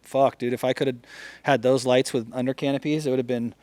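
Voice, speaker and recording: A man's voice: mid-range voice, fairly even intonation, fairly quick, darkish tone, no room sound. A man from Northern California, a company founder, telling blunt, profane stories as a guest in a casual interview. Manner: profane, emphatic storyteller.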